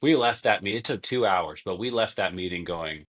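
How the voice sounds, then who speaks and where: A man's voice: low voice, animated, moderate pace, fairly bright tone. A young man, a former basketball player, talking casually as a podcast guest and telling long-winded stories in which he acts out quotes. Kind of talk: casual conversation.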